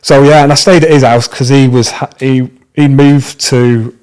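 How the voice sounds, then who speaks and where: A young British man, a podcast guest, telling stories in a casual, slangy, animated way. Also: medium pitch, normal speed, clean tone. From Britain. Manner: animated, slangy, acts out dialogue in lively bursts. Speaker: podcast guest, tattoo artist. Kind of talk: casual storytelling.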